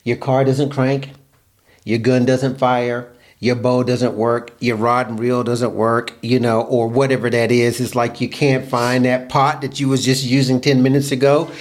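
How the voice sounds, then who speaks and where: A man's voice: mid-range voice, little pitch movement, a little slow. A man who co-hosts a podcast as a relationship coach, speaking emphatically and preaching in lists of examples. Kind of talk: casual podcast conversation.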